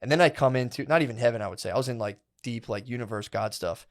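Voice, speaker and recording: Speaking quickly at a medium pitch, a male podcast co-host spins a long, rambling yarn. It's casual storytelling chat, heavy on swearing, slang, and constant "dude" and "like."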